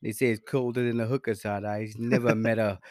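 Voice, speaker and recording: A man's voice: lowish voice, flat delivery, fairly quick, darkish tone, dry recording, clean studio sound, lightly acted. A man voicing a boastful, crude Italian-American mobster pimp in a mock New York accent, as an improvised comedy bit. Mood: swaggering. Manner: swaggering, crude.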